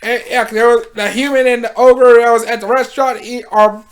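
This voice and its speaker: Slangy animated woman recapping anime. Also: on the high side, brisk. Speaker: anime reviewer. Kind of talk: casual anime recap commentary.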